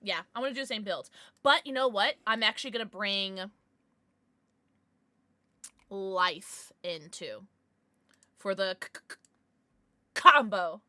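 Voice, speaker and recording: A woman's voice: mid-range voice, moderate pace, long pauses, no echo. A young woman livestreaming a game, chatting casually with her viewers and shrieking when she gets startled. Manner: excitable, shrieks at sudden scares, then chatty and apologetic. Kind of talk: live gameplay commentary chatting with viewers.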